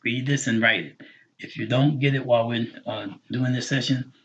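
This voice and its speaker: Husky man teaching a slow patient class. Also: medium pitch, fairly even intonation, fairly bright tone. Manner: patient, repeats words slowly for learners. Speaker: Arabic teacher. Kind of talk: online class lesson. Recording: dull lo-fi recording.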